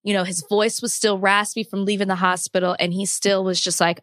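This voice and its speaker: A woman's voice: medium pitch, quick pace, few pauses, a bit bright, dry recording, studio quality. Earnest woman co-hosting a podcast. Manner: earnest, reflective. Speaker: podcast co-host. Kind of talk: casual chat.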